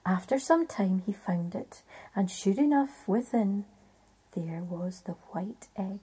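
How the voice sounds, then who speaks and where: A woman storyteller with a Scottish accent, telling a folk tale in a hushed, half-whispered way. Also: medium pitch, lively intonation, slow, slightly rough.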